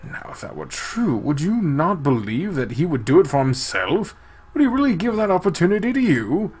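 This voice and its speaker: A man hosting a let's-play, reading a visual novel aloud with expressive delivery that swings between soft and loud. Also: a little high, moderate pace, slightly rough. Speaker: game let's-play host.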